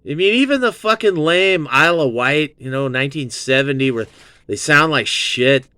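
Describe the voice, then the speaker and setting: A man's voice: fairly high pitch, expressive, normal speed, bright, forceful tone, smooth, no echo, studio quality. A man in his fifties from Southern California, hosting his own show with a casual, rambling, profane music review. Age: 50s. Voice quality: profane, meandering, full of fillers.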